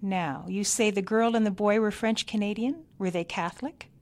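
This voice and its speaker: Bossy elderly grandmother barking worried orders, high and loud, as a woman reads her. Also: normal speed, close to an everyday voice. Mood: prying. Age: older. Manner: shouted commands, fretful.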